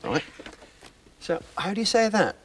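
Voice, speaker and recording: A man's voice: high-pitched, sing-song, unhurried, a little hiss or hum. A Welsh man co-presenting a children's TV show, patiently teaching and encouraging his co-host.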